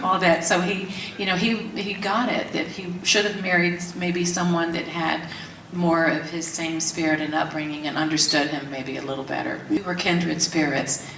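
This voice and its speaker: A woman's voice: fairly low pitch, distant mic, a little hiss or hum. An older woman, telling stories candidly in an interview and acting out the voices she quotes. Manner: animated storytelling, acts out quoted voices, laughs often. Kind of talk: candid storytelling. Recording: roomy echo from off mic, faint ambience.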